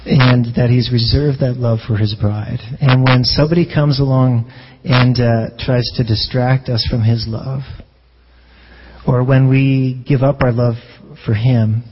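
A man's voice: mid-range voice, steady tone, a little slow, husky, dull audio. A man preaching a sermon as a pastor in a conversational way, often restarting phrases and asking rhetorical questions.

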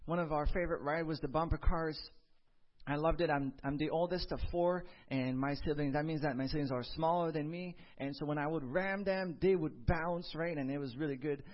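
A man preaching a sermon and telling a lively personal story, acting out the voices in it. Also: on the high side, a little fast, highs cut off. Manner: animated storytelling, acts out dialogue. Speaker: pastor.

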